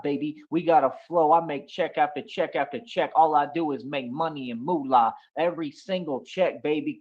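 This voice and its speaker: A man from the United States with a highish voice hosts a casual livestream monologue over poor audio. He's boastful and swaggering, repeatedly circling back with "like I said."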